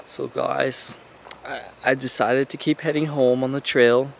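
Man, gravelly timbre, unhurried delivery; mock-terrified hiker in a homemade spoof, whisper-to-squeal panic, handheld camera outdoors. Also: little pitch movement, slight background noise, low-quality recording. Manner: mock-panicked, jumps between hushed whispers and high squeals. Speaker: amateur filmmaker playing a lost hiker. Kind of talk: comic found-footage parody acting. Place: outdoors in a forest.

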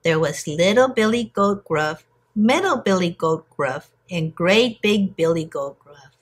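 Woman teacher, storybook read-aloud for kids, very lively pitch, slightly husky. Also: measured pace. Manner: expressive, storytelling. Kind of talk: reading a storybook aloud to children.

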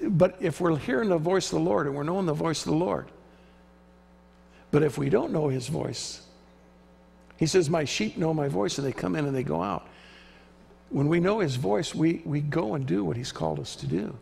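A male guest preacher delivers an emphatic sermon, acting out the voices he quotes. His voice sits high with a gravelly edge. The sound rings with the long reverb of a church sanctuary. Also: darkish tone. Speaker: visiting preacher.

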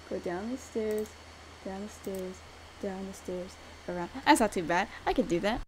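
A young woman giving let's-play commentary, chatty and talking herself through the route, mumbling some lines quietly to herself. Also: medium pitch, a little slow, a little hiss or hum, low-quality recording. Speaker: gamer streamer.

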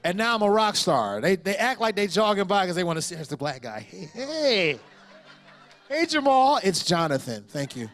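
A pastor in his forties delivering a sermon, telling a personal story with lively impressions of the people in it. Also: sits high, brisk, few pauses. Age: 40s. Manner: storytelling with animated impressions and laughter.

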